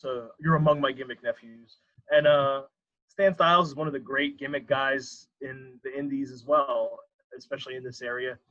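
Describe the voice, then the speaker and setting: A man's voice: on the high side, fairly bright tone. A man chatting as a podcast guest, rambling through stories and laughing at himself often. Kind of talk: casual interview chat. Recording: lo-fi dull sound.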